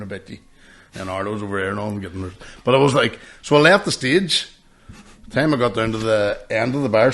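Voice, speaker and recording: A man, a comedian hosting a podcast, telling sweary stories in casual chat and laughing often. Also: lowish voice.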